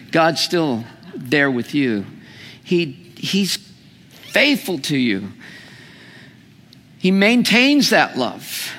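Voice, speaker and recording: A man's voice: fairly high pitch, slow, long pauses. A man preaching a sermon with humor, often asking his listeners questions. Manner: animated, humorous, asks the audience questions. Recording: long hall reverb.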